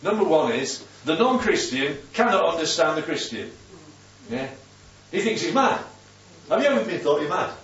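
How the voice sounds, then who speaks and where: A man's voice: a little high, big pitch swings, moderate pace, a bit bright. A man preaching a Bible sermon in a conversational way, often checking in with "yeah?". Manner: conversational, keeps asking "yeah?". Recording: distant, roomy, dull recording with faint hum.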